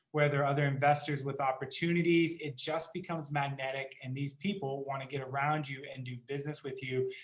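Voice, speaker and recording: An upbeat man hosting a real estate podcast. He asks his guest questions with eager, promotional energy. His voice sits a little above the usual pitch for a man. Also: a bit bright. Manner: enthusiastic, promotional. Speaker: podcast host. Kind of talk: casual interview chat.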